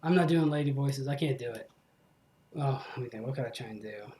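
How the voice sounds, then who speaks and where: A man's voice: medium pitch, fairly quick, dark tone, echoey room. A young man hosting a game let's play, rambling and self-deprecating in casual commentary.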